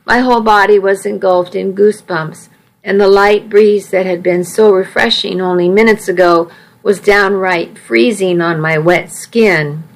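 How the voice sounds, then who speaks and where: A woman's voice: mid-range voice, fairly even intonation, unhurried, creaky, poor audio. A woman reading a first-person story aloud in a wry, conversational way. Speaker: audiobook narrator.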